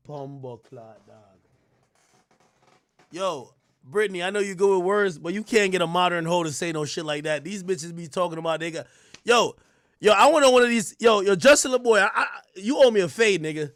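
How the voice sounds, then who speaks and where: A man's voice: sits high, normal speed, fairly bright tone, no room sound. A man hosting a livestream, ranting crudely and animatedly to his chat with frequent laughs. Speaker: livestream host. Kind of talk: casual stream commentary.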